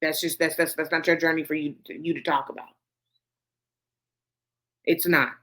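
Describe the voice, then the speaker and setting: A woman's voice: deep voice, level tone, moderate pace, pushed and bright. A woman host giving blunt, profane commentary to camera, swearing heavily and repeating her points for emphasis. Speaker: host of a gossip commentary show.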